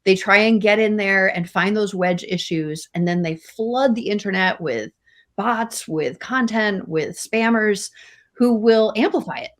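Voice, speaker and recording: A woman's voice: mid-range voice, unhurried. A woman co-hosting a talk show, earnest and emphatic, repeating words for stress. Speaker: podcast co-host. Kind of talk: casual discussion.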